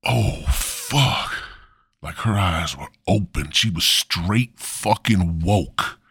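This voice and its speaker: A man's voice: slow pace, slightly rough, dry recording, clean studio sound. A man hosting a podcast, telling a crude comic story in a rambling, profane way. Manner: rambling and profane, with lively swings in pitch. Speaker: podcast host.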